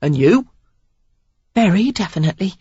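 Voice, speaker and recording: A prim young gentlewoman, as the narrator puts her on, wry and composed, her voice lifting higher than the narration. Her tone is a little husky, and the recording sounds dull and dry. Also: very animated, normal speed, no room sound, heavily acted. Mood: curious. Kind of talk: audiobook character reading.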